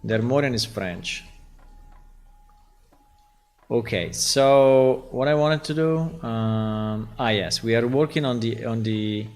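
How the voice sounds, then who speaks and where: A man's voice: medium pitch, takes it slowly, pauses often. A man with an Italian accent, a game developer who thinks aloud while coding on a live stream and keeps checking in with "right?".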